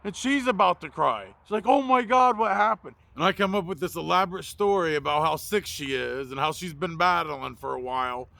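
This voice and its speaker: A man's voice: a little high, fairly quick, creaky, few pauses, pushed and bright, no room sound. A man who works as a mobile mechanic, telling a confessional story in a blunt, profane, self-mocking way. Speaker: mobile mechanic and video host.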